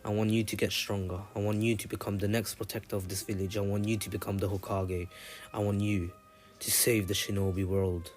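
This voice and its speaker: A man's voice: on the low side, flat delivery, a little fast, faint music behind, lightly acted. A man voicing a loving older brother ninja, speaking earnestly and tenderly in a farewell. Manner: earnest, tender, repeats goodbyes.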